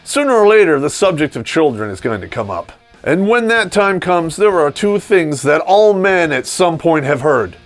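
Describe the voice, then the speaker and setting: Guy ranting crude and sarcastic, bouncy high-ish voice, soft music behind. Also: big pitch swings, normal speed. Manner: crude, sarcastic, laughing asides. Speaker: vlog host. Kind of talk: ranting comedic monologue.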